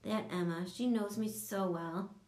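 A woman's voice: mid-range voice, steady tone, a little slow, darkish tone, roomy sound. A woman narrating a children's audiobook, switching into voices for each character.

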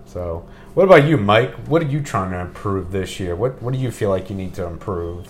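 A middle-aged man hosting a casual podcast, talking in a relaxed, rambling way and swearing now and then. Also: low voice, fairly quick. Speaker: podcast host. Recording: faint background hiss.

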